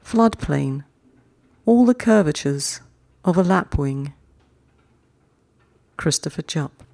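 A poetry-podcast host reads short poems in an unhurried, deliberate way, pausing long between lines. The voice is mellow and of middling pitch. The sound is dry and close, with no room around it. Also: lively intonation, vocal fry, no echo. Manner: reads each short poem twice with long pauses; chatty, quicker sign-off. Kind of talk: slow, measured poetry reading.

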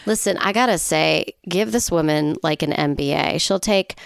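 A woman co-hosting a podcast, reacting with jokes and expressive asides in casual chat. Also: sits low, normal speed, gravelly, clean tone, no room sound, clean studio sound. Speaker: podcast co-host.

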